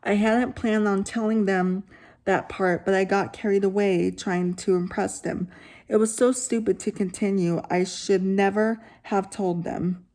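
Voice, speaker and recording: A woman's voice: mid-range voice, steady tone, measured pace, darkish tone. A woman reading a scary story aloud, stopping now and then for casual asides. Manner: reads steadily, breaks off for casual asides.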